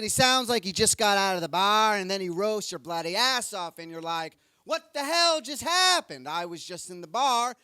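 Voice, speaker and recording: A man rattling through roast battle results on a comedy club stage, joking crudely about each fighter and breaking into sudden shouts. His voice sits fairly high. The delivery is loose, rowdy and self-mocking. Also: clean tone, dry recording, studio quality. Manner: crude, excitable, jokey, swings into shouts. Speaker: comedy show bishop recapping fights. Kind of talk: rowdy comic recap.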